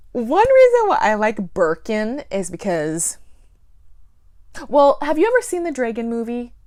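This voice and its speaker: A woman's voice: on the high side, wildly swooping pitch, takes it slowly, long pauses, a little mellow, no room sound, studio quality. A woman chatting casually in a plant vlog, giggling often and rambling through self-deprecating asides. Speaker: plant YouTuber.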